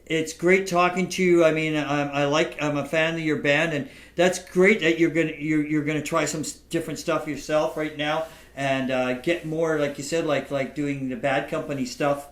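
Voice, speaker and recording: A man hosting a podcast, talking in a halting, casual way with frequent restarts and laughter, telling stories to his guest. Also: fairly high pitch, fairly even intonation, roomy sound. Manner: halting, repeats words, laughs often. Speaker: podcast host. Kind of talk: casual interview chat and storytelling.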